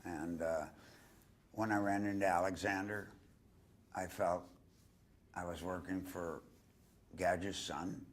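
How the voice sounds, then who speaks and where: A man's voice: deep voice, steady tone, slow, long pauses. An older man, an interview guest, telling a long personal story and doing voices for the people he quotes. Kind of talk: anecdotal storytelling.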